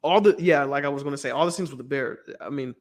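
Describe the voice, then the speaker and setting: A man's voice: mid-range voice, fast. A man with a Southern American accent co-hosting a casual movie review podcast, rambling, laughing often and acting out scenes. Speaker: podcast co-host.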